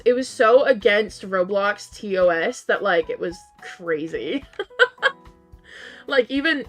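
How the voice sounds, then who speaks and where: A woman game streamer chatting casually with her live chat while she plays. Her voice is worn and strained because she is losing it. She answers chat and often jumps up into high, disbelieving outbursts.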